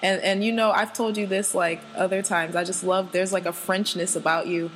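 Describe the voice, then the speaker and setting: A woman's voice: lowish voice, fairly even intonation, moderate pace, poor audio. A young American woman hosting a casual interview chat, gushing and giggly, rambling with lots of fillers. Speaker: podcast host.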